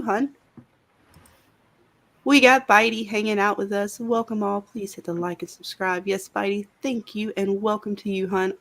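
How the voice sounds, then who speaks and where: A woman with a Southern US accent co-hosting a casual livestream, chatty and greeting viewers by name. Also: mid-range voice. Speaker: livestream co-host.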